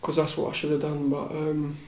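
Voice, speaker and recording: A man's voice: a little high, monotone, a little fast, darkish tone, reverberant. A young man on a casual podcast, telling a rambling story, repeating words and swearing casually. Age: young adult. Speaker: podcast host.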